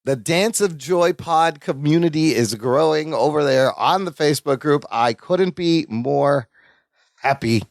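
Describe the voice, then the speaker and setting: A man's voice: on the high side, measured pace, vocal fry, no room sound. A man co-hosting a sitcom rewatch podcast, recapping scenes with enthusiasm and laughing often. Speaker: podcast co-host. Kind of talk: casual podcast recap chat.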